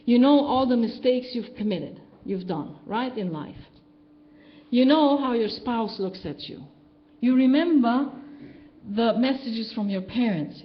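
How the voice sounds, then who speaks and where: A woman minister giving a sermon in a conversational way, often asking the congregation questions. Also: on the high side. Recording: dull, lo-fi live-stream recording with faint background noise.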